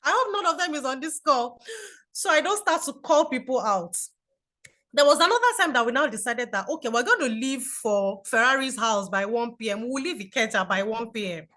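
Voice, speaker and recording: A Nigerian woman in her forties giving an online talk to a community group, chatty and animated, telling stories over a video call. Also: a little high, a little fast. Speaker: guest speaker.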